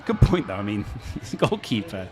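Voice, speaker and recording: Loud crowd noise sits behind this host of a live watch-along, who reacts to the match with chatty banter and exclamations at key moments. He speaks at a moderate pace in a fairly low, very animated voice.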